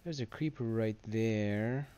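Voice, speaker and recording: A man's voice: lowish voice, takes it slowly, mellow, clear, resonant tone, lo-fi sound. A man giving casual, rambling gameplay commentary for his channel, drowsy and easily distracted. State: sleepy, yawning. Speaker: gamer and video host.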